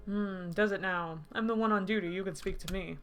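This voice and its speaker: A woman's voice: mid-range voice, fairly even intonation, fairly quick, a bit bright, soft background music, natural voice. Woman voicing a weary, dismissive city guard; drawls every line.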